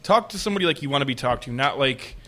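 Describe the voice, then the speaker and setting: A man's voice: mid-range voice, lively intonation, rapid-fire, pushed and bright. A man co-hosting a casual podcast, laid-back and agreeable. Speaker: podcast co-host. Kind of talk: casual chat.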